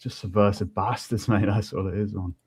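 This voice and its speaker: A man's voice: fairly low pitch, fairly even intonation, fairly quick, darkish tone, husky, no room sound. A man on a podcast, chatting bluntly, laughing and swearing. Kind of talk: casual chat.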